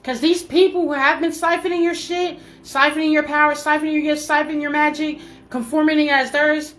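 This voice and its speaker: A woman's voice: high voice, level tone, brisk, a bit bright. A woman delivering a spiritual message to her viewers, emphatic and repetitive, swearing freely and calling the listener baby. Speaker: spiritual reader.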